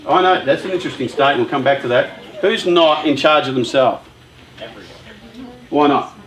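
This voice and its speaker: A man giving a motivational talk to a group of young people, chatty and lively, telling stories and putting questions to the audience. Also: on the high side, moderate pace, roomy sound, poor audio. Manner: lively, chatty storyteller who talks with the audience. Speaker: youth workshop speaker.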